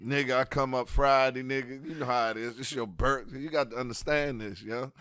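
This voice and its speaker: Profane storytelling comedian, dry sound. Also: male voice, medium pitch, steady tone, fairly quick, fairly bright tone, smooth, no room sound. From United States. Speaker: comedian guest. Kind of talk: casual storytelling interview.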